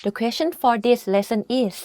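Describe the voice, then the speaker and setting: A woman teaching a language lesson, explaining each tone clearly and slowly demonstrating example words. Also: a little high, mellow, no room sound, studio quality. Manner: clear, slow demonstrations of tones.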